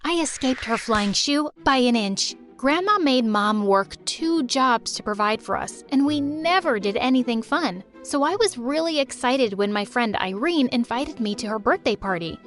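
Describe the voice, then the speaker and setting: A young adult woman narrating a dramatic first-person storytime, lively and expressive. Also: on the high side.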